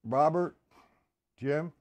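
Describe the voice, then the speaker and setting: A man's voice: a little high, drawn-out words, darkish tone. Chatty man teaching drums. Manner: chatty, addresses viewers by name, counts beats aloud. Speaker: drum teacher. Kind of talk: casual live-stream drum lesson.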